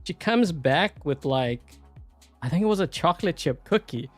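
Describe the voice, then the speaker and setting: Over soft background music, a gameplay YouTuber with a South African accent talks through his play at a normal speed. His voice is fairly high and animated. The commentary is rambling and casual, packed with fillers and regular laughter.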